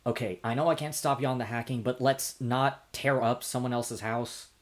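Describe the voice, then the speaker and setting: A man voicing an earnest, polite young rider who calmly reins in a friend. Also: medium pitch, normal speed, lightly acted. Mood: chiding.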